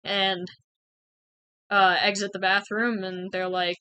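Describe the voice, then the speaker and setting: A woman's voice: medium pitch, level tone, slow, pushed and bright, smooth, no echo, rough recording. A young woman candidly telling a personal story in a frank, conversational way, full of "like" and "um". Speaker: channel host sharing personal experience.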